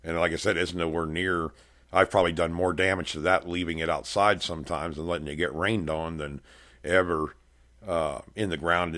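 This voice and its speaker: A man's voice: low-pitched, fairly bright tone. A middle-aged man hosting a casual radio show, telling rambling, folksy stories from a room at home. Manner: rambling, folksy storytelling with laughs. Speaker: podcast host. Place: house room with bare walls.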